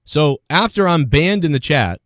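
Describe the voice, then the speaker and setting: A livestream host rants in an aggrieved tone while reading out chat comments. His slightly high, sing-song voice moves at normal speed and is a bit bright, captured dry in clean studio quality.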